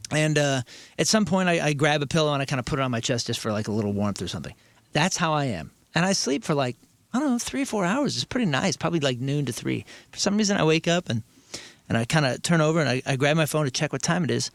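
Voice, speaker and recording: A man's voice: a little high, animated, fast talker, no room sound. A man co-hosting a talk show, telling a long story in casual banter, stammering and acting out quotes. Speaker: radio show co-host.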